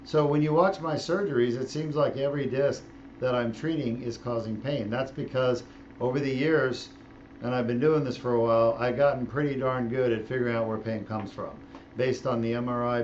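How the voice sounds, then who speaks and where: A man's voice: medium pitch, darkish tone, highs cut off, a little hiss or hum. A middle-aged man, a spine surgeon, explaining his work in a casual, joking way while he operates. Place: operating room.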